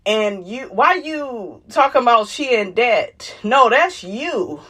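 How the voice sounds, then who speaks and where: A woman's voice: fairly high pitch, slow. A young adult woman, chatting casually and sassily about a reality show, laughing and acting out the people she quotes. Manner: animated, sassy, quotes cast members in voices, laughs often. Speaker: reality TV recap commentator. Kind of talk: casual chat.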